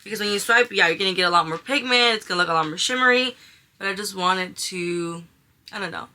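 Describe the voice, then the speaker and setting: Talking fast in a mid-range, sharp-toned voice, a young woman walks through a makeup tutorial as a beauty vlogger. She's chatty and gushes about the colors, using slang such as "she is giving."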